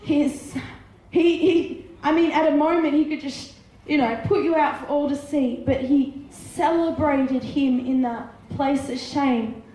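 Woman preacher, high-pitched, slow and emphatic, reverberant hall sound. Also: steady tone, dark tone. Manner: impassioned, retelling story with voiced characters. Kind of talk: sermon. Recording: very echoey hall.

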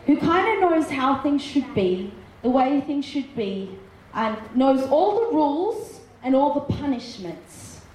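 A woman delivers an emphatic sermon in a high voice, lingering slowly over each phrase and repeating words for force. Her voice rings through a strongly echoing hall with a faint hum of ambience behind it. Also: darkish tone. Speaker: preacher. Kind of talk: sermon with Bible reading. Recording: echoey room with faint ambience.

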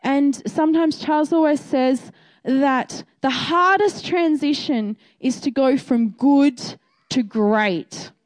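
A woman's voice: high voice, slow. A woman who works as a midwife, giving a chatty faith testimony and encouragement, acting out her own reactions as she talks. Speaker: midwife sharing a faith message.

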